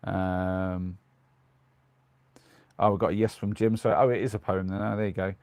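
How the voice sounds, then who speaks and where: Rambling British man, low dry voice. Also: flat delivery, moderate pace, a little mellow, no echo. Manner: rambling, lots of ums and restarts, chuckles often. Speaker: live streamer in his van. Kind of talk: casual live-stream chat reading comments. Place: small converted van at night.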